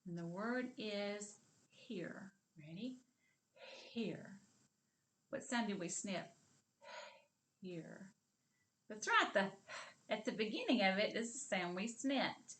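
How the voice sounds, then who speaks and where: Slow, lively-voiced kindergarten teacher woman. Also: mid-range voice. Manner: slow, clear and encouraging, drawing out sounds. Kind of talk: video literacy lesson for young children.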